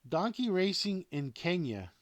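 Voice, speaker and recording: Host type: a man with a slightly high, very bouncy voice, rambling through a casual home-made sports show, dry close sound. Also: very animated, a little slow, no echo. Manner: rambling, talks to himself and to plush toys, laughs often. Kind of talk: casual off-script commentary.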